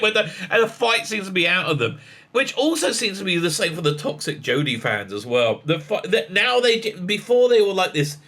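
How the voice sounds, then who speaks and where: A man, rambling excitably through a casual commentary vlog with many fillers and restarts. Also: a little high. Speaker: rabbi and online commentator.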